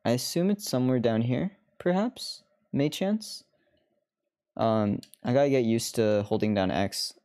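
A woman's voice: a bass voice, animated, normal speed, few pauses, dark tone. A woman streamer chatting through live gameplay commentary, laughing often and swearing freely.

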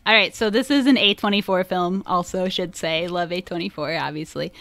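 Woman podcast host, casual film talk, smooth clear voice, dry close sound, laughs a lot. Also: medium pitch, animated, fairly quick, fairly bright tone, no room sound. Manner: laughs often, summarizing research with filler likes.

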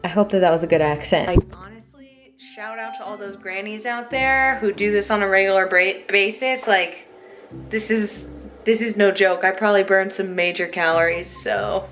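A woman's voice: medium pitch, fairly even intonation, moderate pace, a bit bright, soft background music. A woman vlogger chatting casually as she bakes in her home kitchen, joking and laughing at herself often. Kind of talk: casual baking vlog chat.

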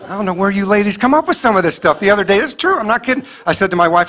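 Male stand-up comedian, high bright voice, punchy animated delivery, live audience laughing. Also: racing. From Kansas City area, US. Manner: punchy, animated storytelling with mock dialogue. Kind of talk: clean stand-up set.

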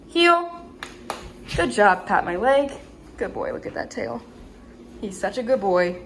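A woman dog trainer giving a calm, matter-of-fact demonstration inside a house, explaining to viewers between brisk praise for her dog. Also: mid-range voice, slight background noise. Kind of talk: instructional demonstration.

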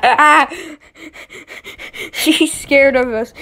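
A woman giving casual gameplay commentary, excitable, often shrieking and giggling as she plays. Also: a little high, slow pace, creaky.

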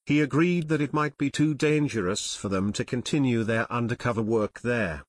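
Steady male audiobook narrator, dry. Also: mid-range voice, moderate pace, no room sound. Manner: steady, even storytelling. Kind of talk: scripted narration.

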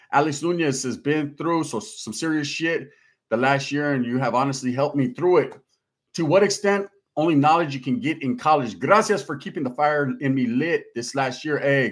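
A man's voice: fairly high pitch, fairly bright tone, breathy edge. A man hosting a casual livestream, reading out viewer comments in a slangy, laid-back way. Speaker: livestream host.

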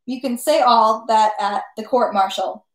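A woman voicing a brisk, suspicious male French army officer in a storybook reading, clipped and commanding, in an echoey room. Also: on the high side, lightly acted.

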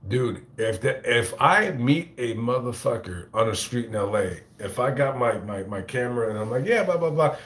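A man's voice: medium pitch, lively intonation, normal speed, hardly any pauses, a bit bright, reverberant. A man telling a story to camera as a YouTuber, swearing freely, rambling and stumbling over his words with repeated restarts. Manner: profane, rambling, stammering restarts. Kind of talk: casual storytelling to camera, reading chat.

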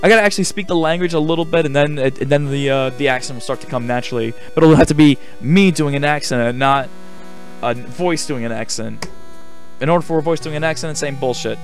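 A man's voice: on the high side, fast talker, faint music behind. A man casually commentating a video game, rambling and self-mocking with frequent swearing. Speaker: let's play commentator. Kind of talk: casual gameplay commentary, reading game dialogue aloud.

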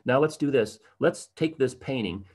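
A man presenting a livestreamed art history program in a casual, conversational way, with many fillers and moments of animated emphasis. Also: medium pitch, normal speed. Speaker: tour guide presenting an online program.

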